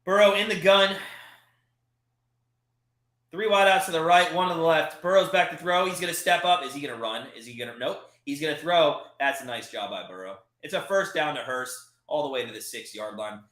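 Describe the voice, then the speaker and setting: Speaking a little fast and a little high, a man hosts a live watch party in a roomy-sounding space, commenting on each play as a fan. His frustration shows as he goes from calm calls to animated, exasperated outbursts.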